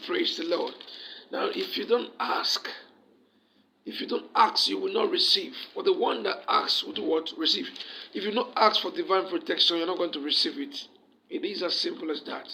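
A man's voice: a little high, vocal fry, pushed and bright, slight background noise, poor audio. A man preaching a sermon as pastor, emphatic and repetitive, often asking the listeners questions.

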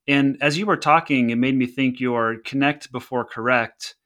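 A man hosting an interview podcast, thinking out loud as he builds on his guest's ideas. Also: mid-range voice, moderate pace. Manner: reflective, building on the guest's points. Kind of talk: casual interview talk.

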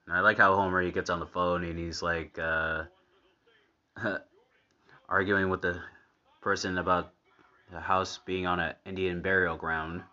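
A man's voice: deep voice, level tone, sharp tone, dull audio. A man giving casual commentary while watching a cartoon episode. He laughs often and chats in an easy way. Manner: laughs often, unhurried and chatty.

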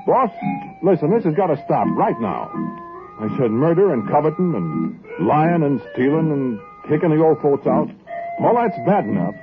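An actor narrating as a folksy, earnest angel messenger in a 1940s radio drama, with a storytelling drawl. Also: male voice, a little high, sing-song, moderate pace. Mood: indignant. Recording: tinny old radio broadcast, loud music.

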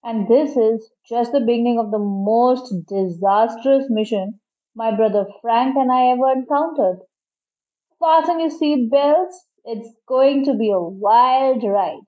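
A woman narrating a storybook in a lively, expressive first-person reading. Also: fairly high pitch. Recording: tinny phone-like sound.

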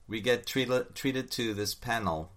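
A man co-hosting a casual comics chat, animated and laughing often, turning to his co-host with questions. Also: mid-range voice, a little slow. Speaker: podcast co-host discussing comics.

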